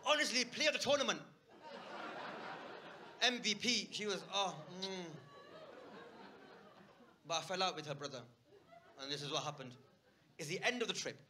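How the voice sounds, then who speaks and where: A bright-toned man tells a stand-up story on stage, and his voice sits a touch high for a man. He is animated and acts out a heated argument, with some faint room sound behind him. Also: normal speed, long pauses, some chatter behind, a little hiss or hum. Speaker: stand-up comedian. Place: comedy stage before a live audience.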